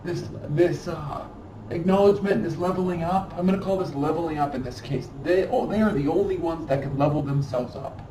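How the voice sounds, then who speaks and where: A woman's voice: low-pitched, brisk, mellow. Emphatic woman reading tarot in an echoey room. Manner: emphatic and scolding, repeats phrases for stress. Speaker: tarot reader. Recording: echoey room, mic at a distance, faint background noise.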